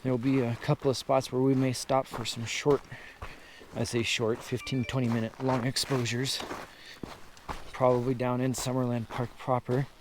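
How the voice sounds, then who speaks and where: A man filming himself on a high mountain trail, chatting casually to an action camera and pointing out landmarks as he walks. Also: little pitch movement, normal speed, noisy background. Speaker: hiker filming his trip.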